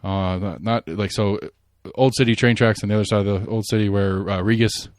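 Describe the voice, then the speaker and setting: A man hosts a casual podcast chat. He rambles and restarts, animated, with plenty of fillers. The sound is dry and close. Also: on the low side, fairly quick, dry recording. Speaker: podcast host.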